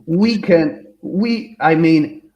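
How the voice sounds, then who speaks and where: A man co-hosting a podcast, chatting casually in an animated, rambling way, often restarting his sentences and laughing. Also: fairly high pitch, drawn-out words, dull audio. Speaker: podcast co-host. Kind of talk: casual chat.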